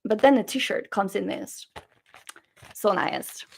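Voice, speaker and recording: A woman vlogger telling a story in a chatty, animated way, acting out the people she quotes. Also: medium pitch, slow, gravelly, slight background noise.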